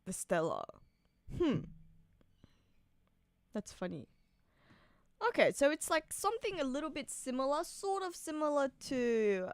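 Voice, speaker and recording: A woman giving casual reaction commentary on what she is watching, thinking aloud with fillers and soft laughs. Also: mid-range voice, smooth, dry recording, studio quality. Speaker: anime reaction streamer.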